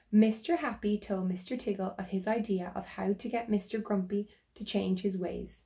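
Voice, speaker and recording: Slow, gravelly-voiced teacher reading aloud. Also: female voice, mid-range voice. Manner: slow and gentle, asks the children questions. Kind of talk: reading a picture book aloud.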